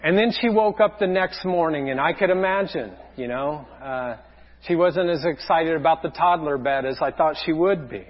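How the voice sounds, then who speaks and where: A man preaching a sermon as a pastor, earnest, often dropping to a soft low voice. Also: moderate pace, highs cut off.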